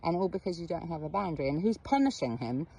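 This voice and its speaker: A woman's voice: lowish voice, expressive, fast talker, vocal fry, warm tone, slightly rough. A middle-aged woman, a therapist and coach, tells a story to the camera in a blunt, frank way, swearing casually and asking the viewer questions. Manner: direct address to the viewer with questions.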